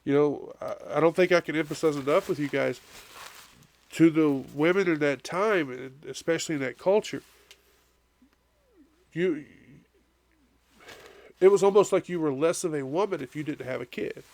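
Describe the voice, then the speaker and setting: A man's voice: on the high side, moderate pace, gravelly, long pauses. A man preaching a conversational Bible-study sermon as pastor, often checking in with his listeners with "right?", and sounding congested with a cough. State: congested, coughing and blowing nose.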